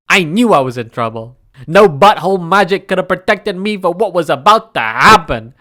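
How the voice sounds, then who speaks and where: A young man telling a comedic story about himself, animated and mocking, slipping into silly voices. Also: a little high, gravelly.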